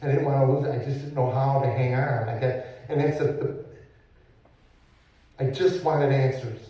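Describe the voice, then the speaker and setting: A middle-aged man shares his testimony from a church stage, halting and repeating himself as he goes. His voice sits at an ordinary pitch. It rings through a very echoey sanctuary, picked up from some distance away. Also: steady tone. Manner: halting, repeats words, swings from hushed to loud. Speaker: testimony speaker, former comedian. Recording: echoey church hall, mic far off.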